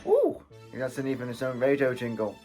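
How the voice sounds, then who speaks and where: A British man chats through a music reaction with easy excitement, breaking into quick exclamations and chuckles. His voice sits at an ordinary middle pitch. A little music plays faintly behind him. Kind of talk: casual music reaction commentary. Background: faint music playing.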